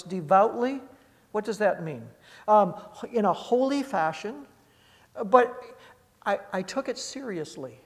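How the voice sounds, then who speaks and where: High-voiced pastor preaching in a reverberant hall. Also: male voice. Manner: reads scripture aloud, then explains in plain conversational asides. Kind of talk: sermon.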